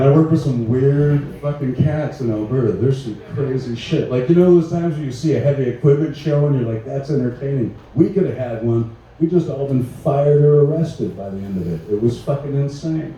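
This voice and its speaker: A man's voice: mid-range voice, dark tone, lo-fi sound, a little hiss or hum. A man in his forties doing a stand-up comedy set, rambling and profane in a laid-back way. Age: 40s. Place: large echoey room at a live show. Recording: echoey room, voice from far off.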